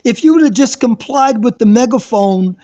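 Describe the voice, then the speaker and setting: A former police officer now hosting a live chat, firmly setting his guest straight. His mellow, dark voice rises and falls a lot as he makes his case. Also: very high-pitched, animated, moderate pace, dull audio. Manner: firm, correcting.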